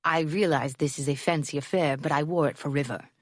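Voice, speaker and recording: A man's voice: a little high, fairly even intonation, brisk, no echo, studio quality, lightly acted. A woman voicing a tiny man in his eighties with a thick German accent, a playful teller of corny science puns in an audiobook. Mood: amused. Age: 80s.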